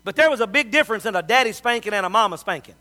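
A man's voice: high-pitched, expressive, rapid-fire, pushed and bright. A middle-aged man, preaching a sermon as a pastor and telling folksy stories.

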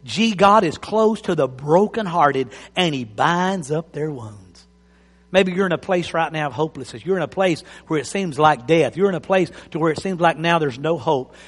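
A man preaching a sermon, animated and repeating phrases for emphasis. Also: a little high, normal speed, slightly rough, long reverb tail. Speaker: pastor.

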